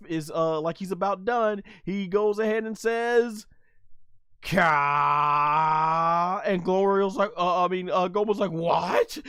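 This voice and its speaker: High, smooth-voiced excited anime reviewer. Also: male voice, no room sound, studio quality. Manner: animated, acts out characters' lines, many fillers. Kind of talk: excited anime episode commentary.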